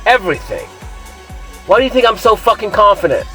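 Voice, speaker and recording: A man's voice: sits high, big pitch swings, a little fast, sharp tone, faint music behind, low-quality recording. A young man telling a rambling, profane personal story in a casual monologue, brash and self-assured, with lots of filler words. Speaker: vlogger.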